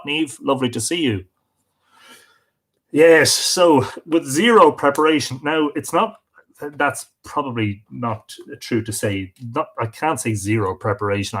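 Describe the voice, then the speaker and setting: A man's voice: mid-range voice, fairly bright tone, breathy edge. An Irish man hosting a casual livestream at home, chatting off the cuff and greeting viewers by name. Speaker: host. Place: home with bookshelves.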